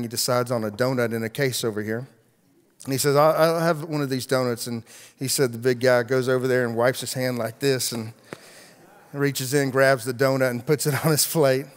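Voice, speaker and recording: Man preaching a story in a reverberant hall. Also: mid-range voice. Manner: animated storyteller acting out voices, with repeated restarts. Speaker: pastor. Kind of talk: sermon storytelling. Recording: long reverb of a large hall.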